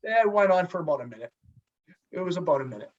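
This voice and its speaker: A man, a former hockey goalie, telling a story in a casual, animated way and swearing freely. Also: sits high, fast. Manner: animated, profane, acts out dialogue. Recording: slightly distant, dull lo-fi sound.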